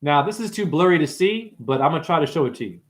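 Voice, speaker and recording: A man's voice: on the high side, lively intonation. Brash, profane man livestreaming. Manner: profane, brash, calls viewers honey and dumbass; jumps between topics, quick asides. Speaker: livestream host. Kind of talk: rambling livestream talk to chat.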